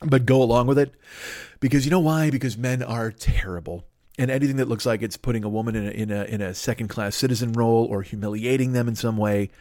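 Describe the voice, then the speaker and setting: A man's voice: medium pitch, quick pace, mellow, dry recording, clean studio sound. A man hosting a solo comedy podcast, rambling and swearing freely while poking fun at himself. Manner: profane, rambling, self-mocking. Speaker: podcast host.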